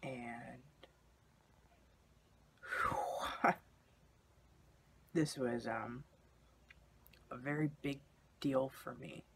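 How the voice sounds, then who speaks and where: Young man, gravelly, mid-pitched, candid confessional vlog storytelling. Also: fairly even intonation, slow pace, pauses often, slight background noise. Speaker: vlogger. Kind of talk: personal storytelling.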